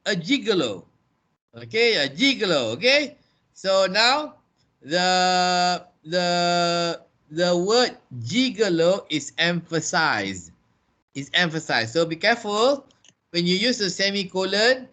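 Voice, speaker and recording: A man's voice: high-pitched, bright, forceful tone. A man teaching a class, explaining and repeating key points in a training room. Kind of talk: classroom lesson.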